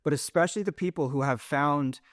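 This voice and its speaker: In a dry, studio-quality recording, a middle-aged podcast host leads a casual conversational interview at a fairly quick pace. His voice is on the high side, and his talk wanders searchingly with plenty of fillers and restarts.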